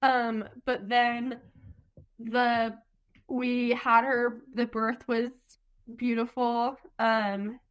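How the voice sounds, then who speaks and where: Slow-spoken young woman with a raised voice. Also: fairly high pitch, little pitch movement, a bit bright, smooth, muffled recording. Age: young adult. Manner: earnest, retells scenes by quoting what others said, many "like" fillers. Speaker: interview guest, birth mother. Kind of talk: personal storytelling in an interview.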